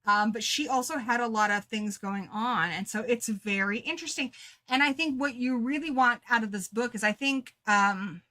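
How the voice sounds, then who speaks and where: Chatty woman gushing about a book, bright tone, kinda high voice. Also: normal speed. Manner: chatty, animated, laughs at herself. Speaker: book club co-host. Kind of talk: casual book chat.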